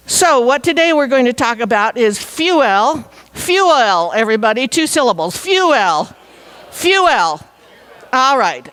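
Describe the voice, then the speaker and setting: Woman speaker, high voice, chatty and playful with the crowd. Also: clean tone. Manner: playful, chatty, coaxes the audience to join in. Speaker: featured speaker. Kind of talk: interactive audience talk. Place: meeting hall before a live audience.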